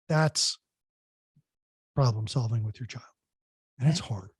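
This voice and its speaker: A man's voice: on the high side, lively intonation, measured pace, pauses often, mellow, husky, no echo, clean studio sound. Emphatic plain-spoken man giving advice. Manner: emphatic, plain-spoken, acts out what parents say. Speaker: parent coach guest. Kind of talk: podcast interview advice.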